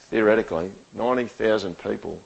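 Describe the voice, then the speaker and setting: Conversational preacher, slightly muffled. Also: male voice, lowish voice, a little fast, gravelly, breathy edge. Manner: conversational, keeps asking the room "right?". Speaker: pastor. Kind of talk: sermon. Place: church.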